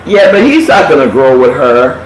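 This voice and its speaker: A live chat show host with a medium-pitched voice and a moderate pace tells blunt, profane gossip stories, cursing a lot and talking animatedly in a casual setting. The room is echoey, with a faint hiss in the background.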